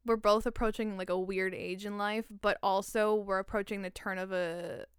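A woman in her twenties co-hosting a casual podcast, animated, laughing and swearing often. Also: medium pitch, moderate pace, clean tone, no room sound, clean studio sound. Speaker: podcast co-host. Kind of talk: casual chat.

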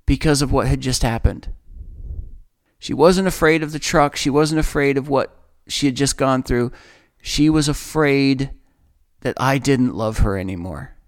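A man recounting something personal to his listener, earnest and halting, circling back over his own words. His voice sits a little high and comes across smooth and clear. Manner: earnest, halting, with repeated phrases. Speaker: storyteller recounting a dream. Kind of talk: emotional first-person storytelling.

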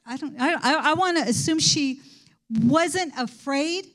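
A woman's voice: sits high, a little slow, a bit bright. A woman teaching a Bible lesson in an enthusiastic, rambling preaching manner. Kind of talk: sermon.

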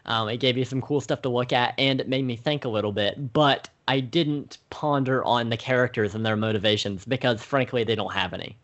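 A young man co-hosting a podcast who speaks in a measured, thoughtful way with frequent ums. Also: mid-range voice, fairly bright tone, highs cut off. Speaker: podcast co-host. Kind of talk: casual conversation.

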